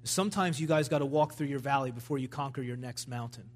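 A man's voice: medium pitch, fast talker. A man preaching a sermon at a church service, in a fervent, emphatic style that builds in intensity.

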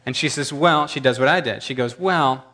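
A man's voice: medium pitch, fairly quick, sharp tone. A man in his thirties telling a rambling, self-deprecating story to a congregation. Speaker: preacher.

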